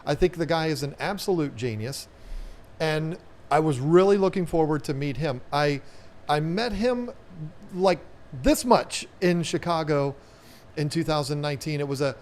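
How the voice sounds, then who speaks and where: A man's voice: a little high, normal speed, darkish tone. A man with a Southern US accent hosting a casual live chat, rambling and repeating words as he talks. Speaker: aquarium channel host.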